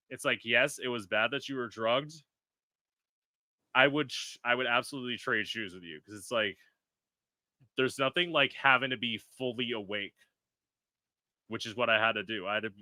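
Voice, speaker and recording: A man's voice: mid-range voice, pushed and bright, no echo, studio quality. A man hosting a casual podcast chat, blunt and profane, acting out quotes as he talks. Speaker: podcast host.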